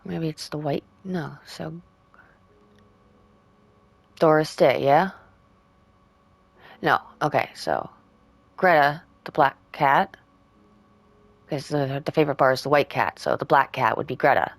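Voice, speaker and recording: Woman streamer with a low, dry voice; plain unhurried reading and muttered puzzle-solving. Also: creaky, no echo. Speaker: game streamer. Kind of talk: reading in-game letters aloud and thinking aloud.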